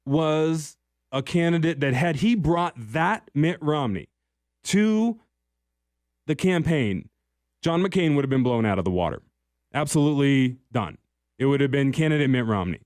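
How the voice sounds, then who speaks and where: A man's voice: a little high, sing-song, a little slow, pauses often, darkish tone, dry recording, clean studio sound. A man hosting a political talk radio show, speaking in a conversational, emphatic way with occasional restarts.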